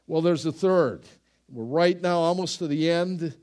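A man preaching a sermon. He speaks slowly and dramatically and breaks into sudden loud exclamations. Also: on the high side. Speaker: pastor.

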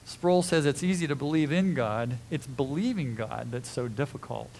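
A pastor preaching a sermon with dramatic swings between hushed telling and sudden loud calls. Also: male voice, mid-range voice, animated, moderate pace, a little hiss or hum.

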